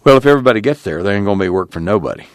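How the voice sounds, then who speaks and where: Casual: guy reading a worn out drawly farmhand, deep and plain, dead dry mic. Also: expressive, rapid-fire, no room sound, lightly acted. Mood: weary insistent. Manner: drawling, matter-of-fact rural speech. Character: weary, patient migrant worker man.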